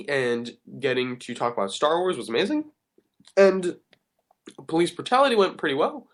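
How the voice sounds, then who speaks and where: A man hosting a radio talk show gives a sincere, meandering monologue that keeps correcting itself mid-sentence. His voice is a little high and a bit bright.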